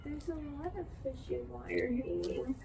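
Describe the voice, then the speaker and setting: A woman vlogging outdoors from a kayak, upset and close to tears, talking in halting, broken-off sentences. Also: high-pitched, sing-song, gravelly, dark tone, slightly rough, rough recording. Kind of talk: casual vlog narration.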